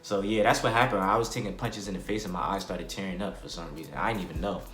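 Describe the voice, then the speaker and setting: A man's voice: deep voice, quick pace. A young man telling a personal storytime vlog in casual slang, acting out quotes and sound effects. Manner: animated retelling, acts out quotes and sound effects. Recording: echoey room with faint music.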